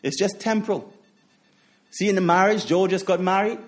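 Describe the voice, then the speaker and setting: Male preacher, fairly high voice, emphatic repetition, rhetorical questions, personal testimony. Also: steady tone, normal speed. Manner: testifying with personal stories, chuckling asides. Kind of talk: sermon.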